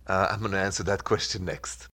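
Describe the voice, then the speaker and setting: Low-voiced man with a French accent. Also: level tone, a little fast, bright, forceful tone. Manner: earnest, reassuring, speaks in short coaching phrases. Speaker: radio relationship advice host. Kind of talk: call-in radio advice.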